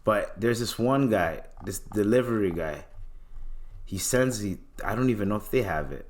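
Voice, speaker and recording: Speaking at a moderate pace in a fairly low voice, a man hosts a podcast and delivers a casual, comedic rant. He's animated, swears plenty and laughs often.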